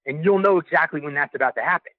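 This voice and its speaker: A man telling a backstage story in a casual, animated way, acting out the things people said to him. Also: on the high side, racing, dry recording. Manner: animated, acts out quoted dialogue. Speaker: guest recounting backstage experience. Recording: tinny phone line.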